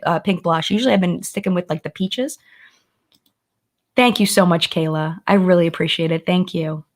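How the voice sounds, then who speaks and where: This beauty YouTuber hosts a laid-back live chat, calling out commenters by name to thank them. Her somewhat low voice turns thoughtful and sincere, and she frequently starts sentences over while reasoning something out.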